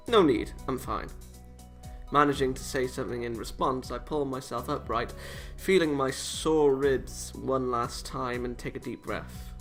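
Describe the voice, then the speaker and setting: A man's voice: mid-range voice, a bit bright. A man casually reading a visual novel aloud, cutting in with sarcastic, self-mocking jokes. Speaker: let's play host reading a visual novel. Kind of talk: casual read-aloud with joking asides.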